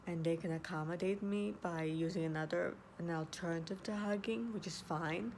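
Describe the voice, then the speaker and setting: An earnest woman gives casual advice in a low-pitched voice. She circles back and restarts her sentences. A faint hum of background ambience sits behind her. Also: normal speed, a little mellow. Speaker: vlogger. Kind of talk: casual advice talk to camera.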